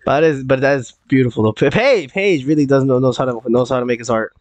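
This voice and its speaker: A man's voice: medium pitch, fast, no room sound. A young man streaming a game live, chatting loosely with many fillers, restarts and repeated words. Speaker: gaming streamer. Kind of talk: casual live-stream chat while gaming.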